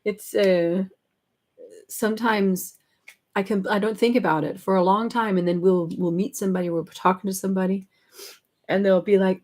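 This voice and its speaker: A woman chatting casually at home with her husband, playful and quick to laugh. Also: mid-range voice, darkish tone. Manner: giggly, playful, teasing. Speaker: co-host, wife. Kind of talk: casual chat. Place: home in Denmark, indoors.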